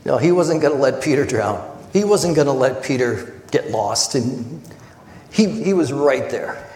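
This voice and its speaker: A man preaching a sermon as pastor, earnest and conversational, acting out scenes with animated retellings. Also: mid-range voice, a little slow. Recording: echoey hall with long reverb.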